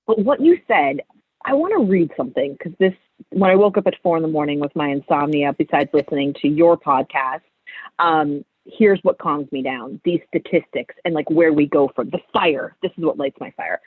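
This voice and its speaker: Woman in her 30s, open and animated guest, heard over a thin phone-like call line with no room sound. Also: deep voice, moderate pace, breathy edge, dry recording. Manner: candid, animated storytelling. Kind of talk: casual interview chat. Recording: tinny phone-like line, dry.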